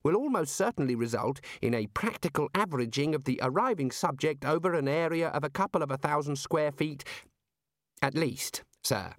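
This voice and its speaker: A man's voice: fairly high pitch, expressive, normal speed, no echo, studio quality, voice pushed up, close to an everyday voice. A man doing an earnest young wizard assistant. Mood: explaining.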